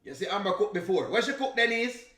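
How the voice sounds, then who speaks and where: A man's voice: high-pitched, expressive, fast, pushed and bright, roomy sound. A man from Jamaica with a Jamaican accent, chatting casually on a live stream, teasing and laughing and slipping into patois. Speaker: reaction streamer.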